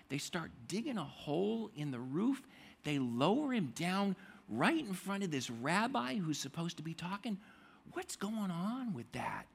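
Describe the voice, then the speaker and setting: A male pastor delivering a sermon in a husky voice. His pitch swings widely as he tells the story, and he acts out the quoted lines with lively emphasis. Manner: animated storytelling with acted-out quotes.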